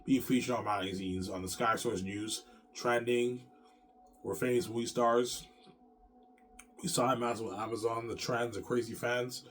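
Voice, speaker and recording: A man's voice: mid-range voice, fairly even intonation, unhurried, fairly bright tone, a little hiss or hum. A man hosting his own channel, ranting to the camera in an agitated, profane, repetitive way. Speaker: channel host.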